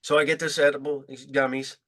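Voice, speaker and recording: A man's voice: medium pitch, little pitch movement, brisk, fairly bright tone. A middle-aged man telling a laid-back, profane anecdote in a casual podcast chat.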